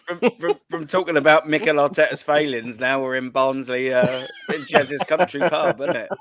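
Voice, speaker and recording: A man's voice: a little high, normal speed, fairly bright tone, no echo, studio quality. A man chatting on a live stream, teasing the others in a playful way and swearing casually.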